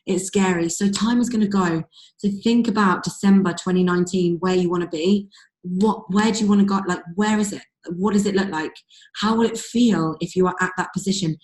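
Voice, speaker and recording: A woman's voice: medium pitch, fairly even intonation, brisk, a little mellow. Woman hyping up her team on a video call, voice kinda strained, rambly, echoey room. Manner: gushing, rambling, lots of likes and ums. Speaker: team leader hosting a group call. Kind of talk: motivational pep talk. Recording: roomy echo on a call.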